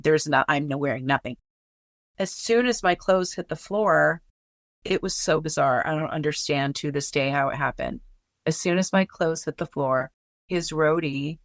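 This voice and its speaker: A woman's voice: low-pitched, fairly bright tone, no room sound, studio quality. A woman recounting a personal story in casual, blunt speech, swearing freely and filling with "like".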